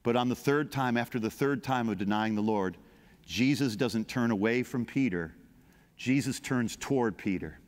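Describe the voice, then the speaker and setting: A man's voice: medium pitch, normal speed, long reverb tail. A man preaching a sermon as pastor, building repeated phrases with passion. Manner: impassioned, repetitive preaching cadence.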